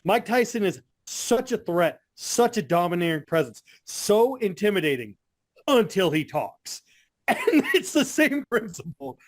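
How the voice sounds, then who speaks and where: A man's voice: sits high, very animated, measured pace, no room sound, clean studio sound. A man co-hosting a wrestling podcast, ranting in casual chat with frequent swearing and laughter. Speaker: podcast co-host.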